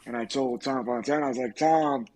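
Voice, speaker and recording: A middle-aged man, an actor on a podcast, casually telling profane, animated stories and acting out quoted lines. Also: mid-range voice, fast talker, a little hiss or hum. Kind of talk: casual storytelling.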